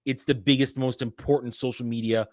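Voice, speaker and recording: A man's voice: medium pitch, a little fast, dry recording, clean studio sound. A man hosting a casual commentary chat, ranting with lots of restarts. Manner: ranting, animated, frequent restarts. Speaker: host.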